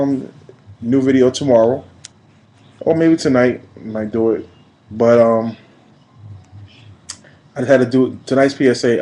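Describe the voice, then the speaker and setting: A man's voice: medium pitch, poor audio. Impassioned man in his late thirties. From New York. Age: 30s. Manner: preachy and emphatic, swings from quiet to loud. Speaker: vlogger. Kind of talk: impassioned personal video message.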